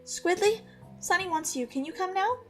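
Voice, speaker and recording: A woman playing a high-voiced earnest young servant girl. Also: animated, normal speed, a bit bright, faint music behind. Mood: polite. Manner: high, pleading, polite.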